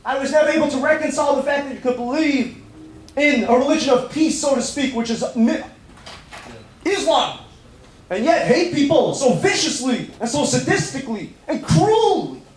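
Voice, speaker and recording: A man's voice: very high-pitched, animated, moderate pace, voice pushed up. Man doing an earnest, indignant young guest. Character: young man, an earnest guest telling his life story. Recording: echoey room with faint background noise.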